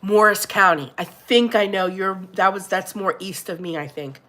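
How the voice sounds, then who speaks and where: A middle-aged woman with a stuffy nose hosting a casual livestream, chatting with her viewers and greeting them warmly by name. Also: mid-range voice, moderate pace. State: congested, blowing her nose. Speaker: livestream host reading viewer chat.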